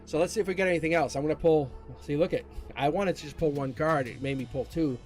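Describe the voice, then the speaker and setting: A man's voice: a little high, fast talker, a little mellow, soft background music. A middle-aged man giving a live-stream tarot reading, chatty and upbeat, rambling with fillers and laughs. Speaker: tarot reader.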